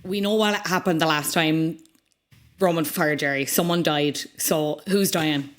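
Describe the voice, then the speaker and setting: A woman, co-hosting a podcast and recapping a show in an animated, jokey way. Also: low-pitched, unhurried. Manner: animated, jokey, self-deprecating. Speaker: podcast co-host. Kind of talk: casual recap chat.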